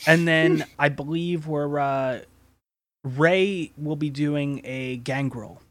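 A man's voice: on the high side, takes it slowly, dry recording. A man hosting a casual podcast, rambling with frequent laughs and casual swearing. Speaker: podcast host and game master.

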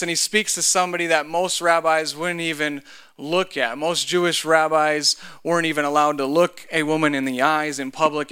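Man pastor, smooth resonant voice pitched a little high, chatty sermon delivery. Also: sharp tone. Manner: conversational, joking asides.

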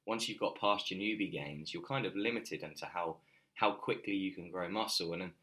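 A man with a deep voice explains training in relaxed podcast talk. He rambles a little, full of ums and self-corrections, like a coach thinking aloud. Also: a little fast. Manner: loose and conversational, many fillers and restarts. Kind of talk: casual podcast chat.

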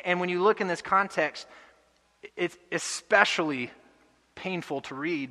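A young adult man preaching a sermon earnestly, building to loud emotional peaks. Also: a little high, big-room sound. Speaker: pastor. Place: church hall.

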